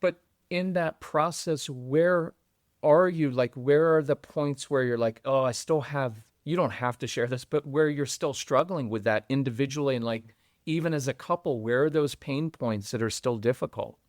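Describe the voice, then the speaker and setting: A man's voice: mid-range voice, normal speed, no room sound, clean studio sound. An older man speaking as a guest parenting coach on a podcast, talking in an earnest, heartfelt, rambling way. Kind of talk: podcast conversation.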